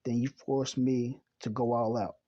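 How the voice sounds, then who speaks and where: A man's voice: medium pitch, flat delivery, warm tone, dry recording, dull audio, close to an everyday voice. A man voicing a cocky young boy superhero while reading a comic aloud, in his own plain voice. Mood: boastful. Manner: read in the reader's plain voice, unhurried.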